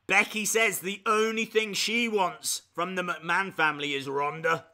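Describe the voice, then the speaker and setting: A man giving casual live reactions as a streamer, chatty with excitable, jokey asides. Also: sits high, moderate pace, hardly any pauses.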